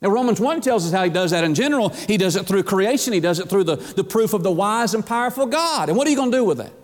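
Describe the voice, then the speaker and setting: A man's voice: high-pitched, lively intonation, quick pace. A male preacher delivering a fervent, conversational sermon with frequent repetitions. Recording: long hall reverb.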